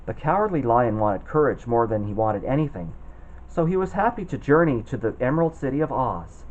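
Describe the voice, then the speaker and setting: A man reading a children's storybook aloud, expressive and putting on voices for the characters. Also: medium pitch, fairly quick, highs cut off, a little hiss or hum. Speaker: storybook reader.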